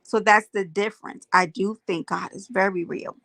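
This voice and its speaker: A woman's voice: medium pitch, fairly even intonation, moderate pace, sharp tone, no echo. A woman hosting a casual livestream, greeting viewers by name and making emphatic points to her chat. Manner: emphatic, preachy asides. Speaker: livestream host.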